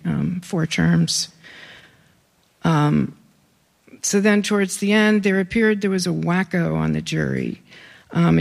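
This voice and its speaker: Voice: mid-range voice, gravelly. A reader giving a live reading of memoir stories, breaking into casual asides with fillers.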